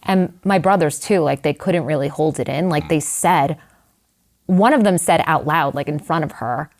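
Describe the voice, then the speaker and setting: Chatty woman, lowish voice. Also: normal speed. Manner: candid, animated, many "like" and "you know" fillers. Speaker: guest writer. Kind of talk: conversational storytelling.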